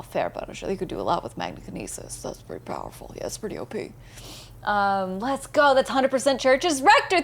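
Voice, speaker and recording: A woman's voice: high-pitched, fairly bright tone. A woman live-streaming a game, chatting casually, laughing often and reading viewer messages aloud. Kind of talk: casual live-stream chat while gaming.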